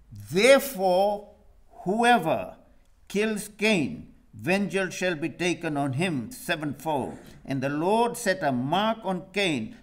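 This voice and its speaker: A man preaching a sermon, reading scripture aloud and putting questions to his listeners. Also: high voice. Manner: reads scripture aloud and asks the congregation questions.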